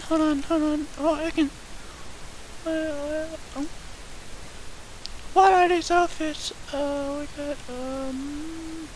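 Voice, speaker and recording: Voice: high-pitched, a little hiss or hum, rough recording. A performer voicing an eleven-year-old boy playing a game for the first time, rambling with many uhs and easily shocked, in a staged gameplay commentary skit.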